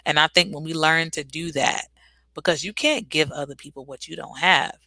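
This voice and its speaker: A woman's voice: low voice, moderate pace, pushed and bright, no echo, poor audio. A talkative woman hosting a casual motivational livestream, answering viewer comments and laughing easily. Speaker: livestream host.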